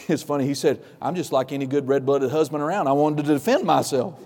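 Male pastor, fairly high voice, lively sermon storyteller, church hall reverb. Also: fairly quick. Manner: storytelling, acts out quoted voices, emphatic.

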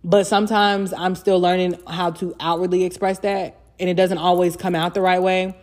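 A young woman talks on her own podcast in a loose, chatty way, swearing freely and leaning on fillers as she goes. Her voice sits a little low for a woman. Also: little pitch movement, moderate pace, a little mellow. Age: young adult. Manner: candid, chatty, profane, lots of fillers. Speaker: podcast host. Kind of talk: casual solo podcast monologue.

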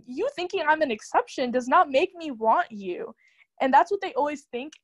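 High-voiced young woman talking fast. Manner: fast, animated talk with many "like" fillers. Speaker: guest. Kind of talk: casual chat.

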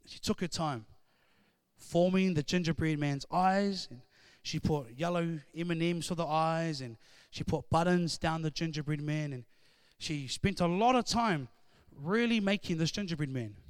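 High-voiced male preacher. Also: normal speed, smooth, no room sound, clean studio sound. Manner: rising to loud, emphatic call-and-response; conversational storytelling. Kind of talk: sermon.

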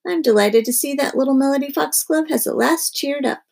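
A woman's voice: high voice, fairly quick, gravelly, darkish tone, voice pushed up. A woman voicing a pleased school principal in a children's story.

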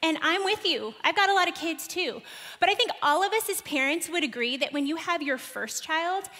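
A woman in her thirties preaching a sermon, telling a personal story and asking the congregation questions with animated delivery. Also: extremely high pitch, normal speed. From United States. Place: large church hall. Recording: long hall reverb.

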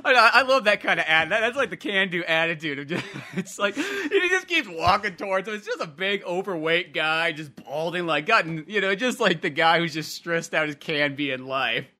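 A man's voice: sits high, lively intonation, moderate pace, few pauses, sharp tone. A man co-hosting a podcast, rambling casually about a movie with lots of fillers and laughter. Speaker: podcast co-host. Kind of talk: casual film discussion.

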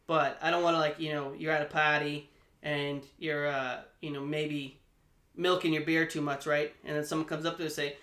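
A man's voice: fairly high pitch, flat delivery, normal speed, bright, forceful tone. A man co-hosting a podcast, chatting loosely and profanely about beer and partying. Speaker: podcast co-host. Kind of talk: casual beer-tasting banter. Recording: echoey room.

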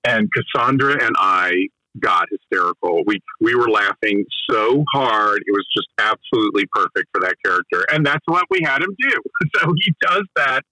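A man's voice: lowish voice, expressive, moderate pace, sharp tone, no room sound, poor audio. A man, a film director, eagerly recounting production stories in an interview, often restarting his sentences. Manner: enthusiastic storyteller with frequent restarts. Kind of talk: conversational interview anecdote.

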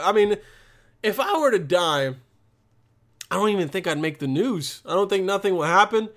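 Young male vlogger, higher voice, profane animated rambling rant. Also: normal speed. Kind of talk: casual vlog rant.

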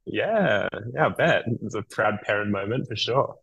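A man's voice: on the low side, lively intonation, moderate pace, vocal fry, a bit bright, slightly rough, no echo, dull audio. A man with an Australian accent, a guest English teacher talking in an easygoing, reflective way. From Perth, Australia. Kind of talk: casual conversational interview.

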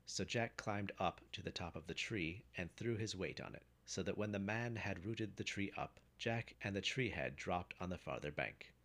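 A man narrating an old folk tale in a measured storyteller's delivery. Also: deep voice, a bit bright.

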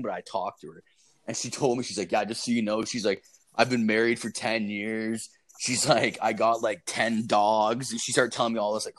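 A man's voice: fairly low pitch, fairly bright tone. A young man telling a wild story in casual chat, rambling and profane, with lots of filler words.

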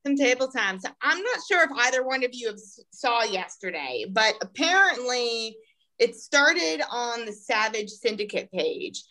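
A woman's voice: on the high side, big pitch swings, moderate pace, sharp tone, low-quality recording. A woman hosting a podcast, chatting casually and laying out the next topic. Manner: brief affirmations, then explains topics. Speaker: podcast host. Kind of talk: casual chat.

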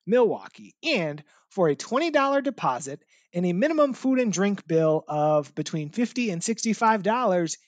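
A woman's voice: fairly low pitch, no room sound. A woman co-hosting a casual podcast, recounting a story in a chatty way with lots of "like" fillers. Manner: chatty, many "like" fillers, lively rising questions. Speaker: podcast co-host. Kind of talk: casual chat.

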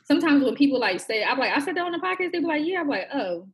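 A woman's voice: sits high, sing-song, racing. A woman co-hosting a podcast, telling stories in slangy casual chat, often breaking into laughter. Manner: loud, laughing, slangy storytelling. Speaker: podcast co-host.

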